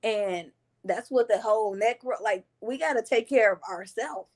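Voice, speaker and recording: A woman's voice: a little high, moderate pace. A woman hosting a podcast, talking casually and earnestly about faith and self-care. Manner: earnest, spiritual, affirming murmurs. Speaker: podcast host. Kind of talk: casual conversation.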